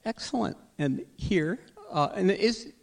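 A man's voice: high voice, animated, takes it slowly, gravelly. A man hosting a weekend radio show, chatting with guests, laughing easily and tripping over names in a studio. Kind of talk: live radio interview chat.

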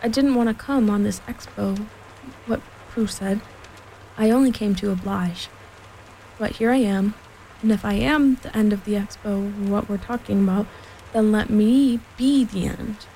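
A woman voicing a gloomy, grumbling old donkey in a storybook reading, slow and resigned. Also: mid-range voice, dark tone, slight background noise, lightly acted, rough recording. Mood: glum.

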